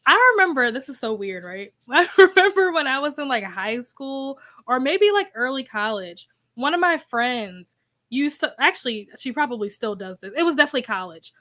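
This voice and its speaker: A woman's voice: a little high, pushed and bright. A young woman hosting a casual livestream, chatting and reading viewer comments aloud, laughing often. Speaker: host.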